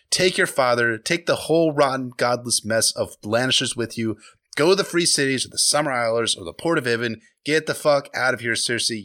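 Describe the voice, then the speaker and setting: A man's voice: medium pitch, sharp tone, dry recording. A man voicing an honorable lord who gives blunt, profane, commanding orders.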